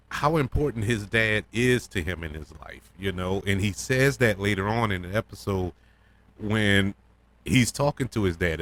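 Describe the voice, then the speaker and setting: A man hosting a casual solo review podcast, talking in an excitable, rambling way with plenty of fillers and restarts. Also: lowish voice. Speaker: podcast host reviewing a TV episode.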